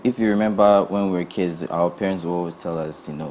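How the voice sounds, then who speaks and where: A young Ghanaian man with a thick Ghanaian accent, a physiotherapist guest, explaining calmly and in a measured way. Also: sits low, a little hiss or hum. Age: young adult. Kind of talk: studio interview.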